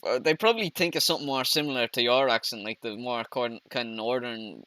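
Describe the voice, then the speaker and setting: A man's voice: medium pitch, a little fast, pushed and bright, no room sound. A young man with a Dublin Irish accent in casual podcast chat, laid-back, sweary and giggly. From Dublin, Ireland.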